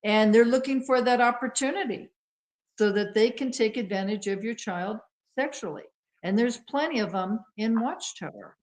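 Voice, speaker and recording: A woman's voice: fairly high pitch, moderate pace, darkish tone. A woman co-hosting a talk show, earnest and explanatory, who calls people honey. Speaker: co-host. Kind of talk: casual talk show commentary.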